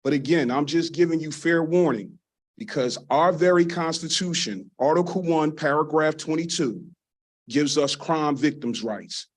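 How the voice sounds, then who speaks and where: A man speaking at a council meeting's public comment, earnest and deliberate, giving a warning at a podium microphone. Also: on the high side.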